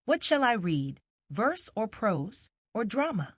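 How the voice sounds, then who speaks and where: A woman narrator voicing a cold, uneasy, wheelchair-bound English gentleman, speaking in a cutting, declamatory way. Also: a little high, big pitch swings, slow pace, slightly rough, dry recording, studio quality, pitched above the performer's own voice, exaggerated voice.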